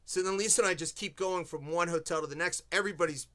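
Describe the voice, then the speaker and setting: Male host, bright and a bit high, animated anecdote-teller. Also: quick pace. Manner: animated storyteller, quoting people. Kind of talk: casual chat.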